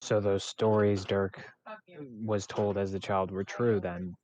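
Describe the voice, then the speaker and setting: A man's voice: fairly low pitch, fairly even intonation, slow pace, a little mellow. A man playing a character in a tabletop game, talking casually and hesitantly with fillers. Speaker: player. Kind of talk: tabletop role-play chat.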